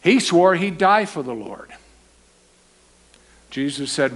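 A man preaching a sermon, animated and acting out the quoted lines. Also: on the high side, takes it slowly, pauses often, low-quality recording.

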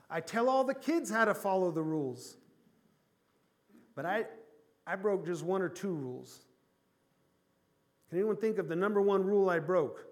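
Preaching with animated energy, a man in his forties, a pastor, shares a story in a fairly high voice. His delivery shifts between loud bursts and hushed, quiet lines.

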